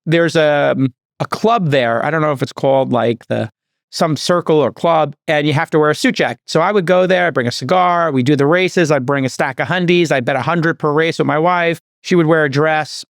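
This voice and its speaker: A man hosting a podcast, telling rambling, animated stories in casual chat. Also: fairly high pitch, fairly quick, dry recording. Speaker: podcast host.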